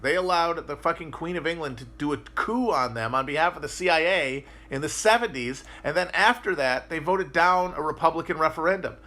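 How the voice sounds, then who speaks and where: Male podcast host, bright and forceful tone, loose profane livestream chat, stop-start delivery. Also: on the high side. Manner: rambling, profane, thinking aloud with frequent restarts and fillers. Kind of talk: casual livestream chat, answering viewer comments.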